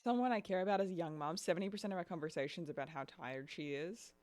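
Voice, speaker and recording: A woman's voice: lowish voice, fast talker, darkish tone, no room sound. A young woman streaming a game and chatting casually, laughing often and dropping lots of "like" and "dude". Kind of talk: casual chat while gaming.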